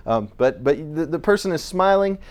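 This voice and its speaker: A man's voice: fairly high pitch, lively intonation, moderate pace. A man presenting a casual talk to a small audience, speaking in a chatty, conversational way with frequent restarts. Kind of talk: casual lecture on voice recording.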